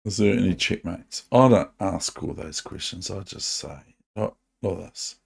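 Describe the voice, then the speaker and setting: A man with a New Zealand accent streaming online chess, muttering to himself as he plays and gently mocking his own moves. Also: deep voice, moderate pace, vocal fry, slightly rough. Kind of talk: live online chess commentary.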